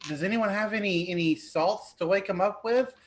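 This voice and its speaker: A man's voice: sits high, normal speed, a little hiss or hum, pitched above the performer's own voice, lightly acted. A man voicing a clever, bookish young female pony in a tabletop game, anxious and earnest. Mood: worried.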